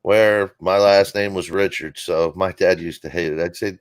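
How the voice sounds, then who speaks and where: A man's voice: lowish voice, moderate pace, few pauses, dry recording. A man telling a rambling, profane comic story on a casual talk show. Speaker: guest comedian.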